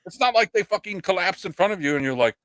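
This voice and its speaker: A man's voice: sits high, expressive, fast talker, fairly bright tone, no echo, studio quality. A man hosting a casual live-stream chat, ranting in exasperation and swearing constantly. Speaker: podcast host.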